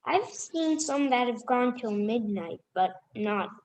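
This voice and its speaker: A woman's voice: a little high, animated, slow pace, darkish tone, a little hiss or hum. A woman answering a question in class, thinking aloud as she speaks. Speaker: class participant.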